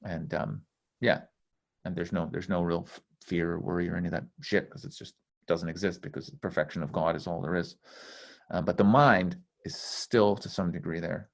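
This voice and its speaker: Spiritual teacher, male, very low voice, blunt and profane, rambling and intense, casual call. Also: steady tone, normal speed, vocal fry. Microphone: call microphone.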